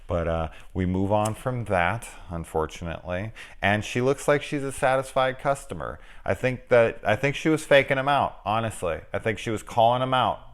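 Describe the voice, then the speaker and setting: A man's voice: lowish voice, normal speed, few pauses, a little hiss or hum. A man reviewing a film in casual, rambling, joking chat, swearing freely. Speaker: movie reviewer.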